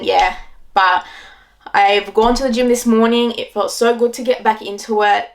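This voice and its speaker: A woman in her twenties with an Australian accent, casually retelling her trip to camera in a chatty way, full of "like"s. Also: on the high side. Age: 20s. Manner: chatty, filler-heavy retelling with many "like"s. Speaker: travel vlogger.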